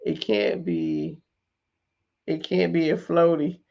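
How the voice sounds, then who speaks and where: A middle-aged woman hosting a casual live chat with her viewers, talking in an animated way, repeating points for emphasis and laughing often. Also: low-pitched, slow pace, creaky, muffled recording. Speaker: host.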